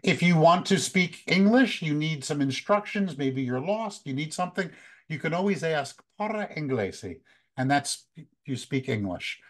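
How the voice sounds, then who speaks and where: An American man in his fifties, a photography workshop leader, giving relaxed, conversational travel tips with many fillers. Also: a little high, moderate pace. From United States. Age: 50s. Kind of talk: casual talk, practical travel tips.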